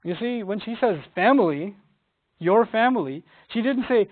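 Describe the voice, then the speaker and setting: A man teaching a lesson on scripture, energetic and acting out the quotes. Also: high-pitched, moderate pace. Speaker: Quran teacher. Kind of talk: animated lecture on scripture. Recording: tinny phone-like sound.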